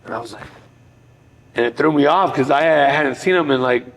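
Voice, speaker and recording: Gravelly middle-aged man, earnest storytelling. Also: medium pitch, fairly quick, a bit bright, rough recording. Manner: earnest, heartfelt, reflective. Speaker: podcast guest, former boxer. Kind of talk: personal storytelling in conversation.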